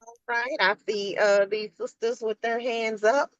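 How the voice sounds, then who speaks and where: A woman cheers on her colleagues during a team video call, casual and upbeat. Her voice is mid-pitched and sounds dry and close, with no room echo. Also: fairly even intonation, unhurried, muffled recording. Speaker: team member on a sales call.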